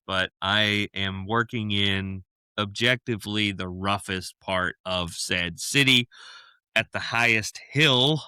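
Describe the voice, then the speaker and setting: A man's voice: lowish voice, bright, forceful tone, clean tone, dry recording. A man co-hosting a podcast, telling a story in casual chat and laughing often mid-sentence. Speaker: podcast co-host.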